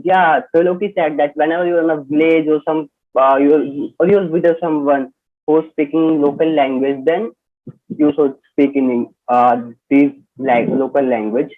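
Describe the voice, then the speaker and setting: A man teaching an online personality development class, explaining points and checking in often with the listeners. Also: a little high. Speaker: instructor. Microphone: video call. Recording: tinny phone-like online call audio.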